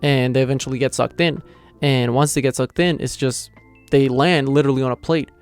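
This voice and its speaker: A man's voice: mid-range voice, steady tone, brisk, clean tone, faint music behind. A man giving a casual, rambling review of a manga chapter, retelling scenes with lots of fillers.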